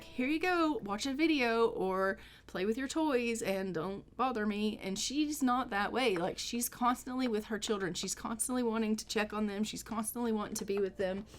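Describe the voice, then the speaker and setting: Chatty woman narrating a life-sim game. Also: on the high side. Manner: chatty, storytelling, fills in with "like". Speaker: gameplay narrator. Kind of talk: casual gameplay commentary.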